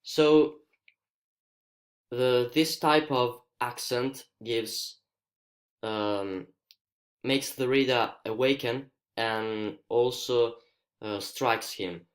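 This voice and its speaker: A male student with an Italian accent, a native Italian speaker, explaining a poem in a screencast lesson, careful and hesitant, pausing to find his words. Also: medium pitch. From Italy.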